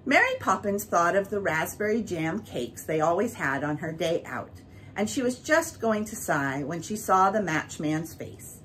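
A woman's voice: fairly low pitch, measured pace, slight background noise, rough recording. Woman reading a children's book aloud. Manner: expressive, varied reading. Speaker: storyteller.

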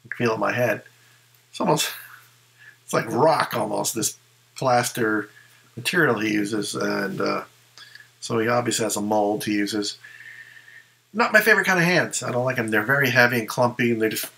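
A man's voice: medium pitch, vocal fry, pushed and bright, poor audio. A man who collects ventriloquist figures, chatting casually in a rambling show-and-tell and second-guessing himself as he goes.

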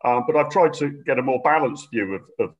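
Chatty British host of an interview. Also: male voice, medium pitch, expressive, a little fast, dull audio. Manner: chatty, upbeat, with frequent fillers. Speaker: host, chair of the discussion. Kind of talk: interview hosting.

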